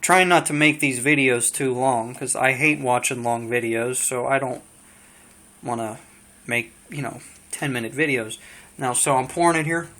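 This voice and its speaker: A man's voice: mid-range voice, normal speed, pushed and bright. A young man casually reviewing a beer at home, rambling and chatty with lots of fillers, recorded on a camera mic.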